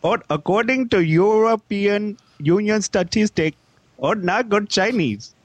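A man putting on a bumbling high funny-accent newsreader. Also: measured pace, no room sound. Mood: goofy. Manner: broken grammar, mispronouncing words, joking banter. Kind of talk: comedic call banter.

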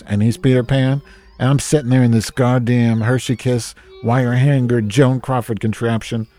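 A man's voice: mid-range voice, dark tone. A man from New Jersey hosting a casual ranting monologue, grumpy, sarcastic and full of swearing. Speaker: host.

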